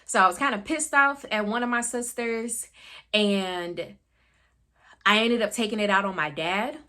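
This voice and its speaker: A woman's voice: medium pitch, unhurried, bright, forceful tone. A young woman talking through a book review in a candid, chatty way, full of fillers and asides. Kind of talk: casual book review talk.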